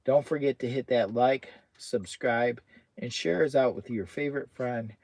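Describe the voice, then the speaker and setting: A man's voice: medium pitch, moderate pace, a little mellow, dry recording. An American man chatting casually on a camping livestream from inside a hot tent, often talking baby talk to his dog. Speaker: camping vlogger.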